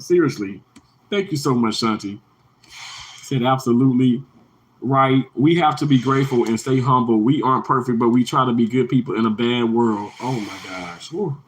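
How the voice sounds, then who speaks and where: A man's voice: a little hiss or hum, poor audio. Heartfelt rambling man on a livestream. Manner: heartfelt, rambling, repeats himself, pitch jumps high when emphatic. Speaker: livestream host. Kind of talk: emotional livestream chat with viewers.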